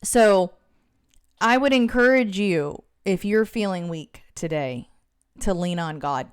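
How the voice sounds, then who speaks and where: A woman's voice: medium pitch, takes it slowly, clean tone. Chatty woman giving a devotional talk. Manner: earnest, chatty, wanders into side notes, laughs often. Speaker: Christian devotional speaker. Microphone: own microphone.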